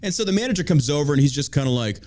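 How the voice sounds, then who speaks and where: A man's voice: fairly high pitch, expressive, racing, a little mellow. A man hosting a casual talk show, ranting with energy and mocking people in put-on voices. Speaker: podcast host. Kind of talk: casual profane chat.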